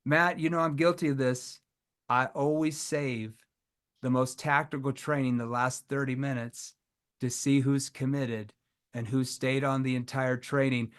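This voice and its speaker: A man's voice: medium pitch, steady tone, measured pace, smooth. A man leading a live online sales training, emphatic and firing rhetorical questions at his audience.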